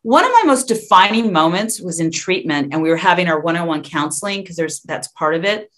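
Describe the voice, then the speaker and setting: A woman in her fifties speaking openly as an interview guest, frank and quick to laugh, with some stumbling restarts. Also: on the low side, lively intonation, a bit bright. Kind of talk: candid interview conversation.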